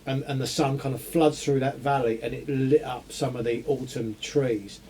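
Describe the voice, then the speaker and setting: A man co-hosting a podcast, telling an animated story in casual chat. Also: mid-range voice, normal speed, a little hiss or hum. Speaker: podcast co-host.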